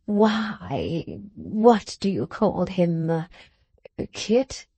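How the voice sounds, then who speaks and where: A woman doing a blunt, sharp-tongued hard woman. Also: fairly low pitch, sing-song, extremely slow, breathy edge, dry recording, heavily acted. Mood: scornful. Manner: blunt, triumphant, scornful.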